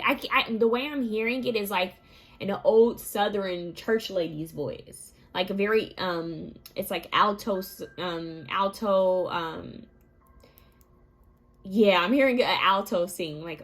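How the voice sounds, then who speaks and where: A woman's voice: medium pitch, slow pace. Tarot reader, woman, just woken up, casual and musing, faint music underneath. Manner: relaxed, musing, talks to viewers directly. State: just woke up. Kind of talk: pick-a-card reading.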